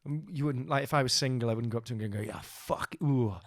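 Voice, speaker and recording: A man's voice: mid-range voice, very fast, a bit bright, no echo, studio quality. A young Welsh man hosting a podcast, telling rambling stories in casual chat and swearing freely. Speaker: podcast host.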